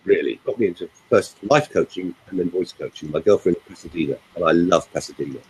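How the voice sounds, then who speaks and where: A man who works as a voice coach, telling stories and giving advice in a lively, expressive way. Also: deep voice, fairly quick, breathy edge, rough recording. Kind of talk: animated storytelling and coaching talk.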